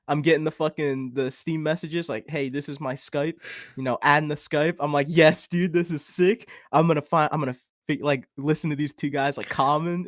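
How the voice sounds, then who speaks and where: A young man co-hosting a podcast, telling a rambling, animated story full of fillers in casual chat. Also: a little high, no room sound, studio quality. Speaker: podcast co-host.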